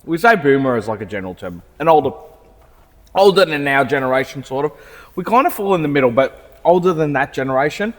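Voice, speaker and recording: A man's voice: on the high side, big pitch swings, fast talker, in a large hall. A man, a car salesman and podcast co-host, chatting casually in a rambling way with frequent restarts and casual swearing. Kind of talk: casual chat. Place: car showroom.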